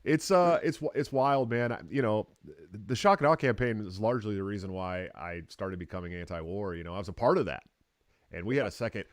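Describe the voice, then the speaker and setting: A man's voice: on the low side, fairly quick, no room sound, studio quality. A man talking as a podcast guest, telling rambling, profane, laid-back stories. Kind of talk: casual chat.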